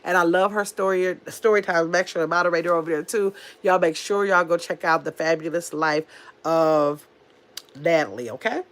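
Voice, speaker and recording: A woman's voice: fairly low pitch, brisk. Woman, casual livestream host, chatty and easygoing, reads comments aloud. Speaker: livestream host reading chat.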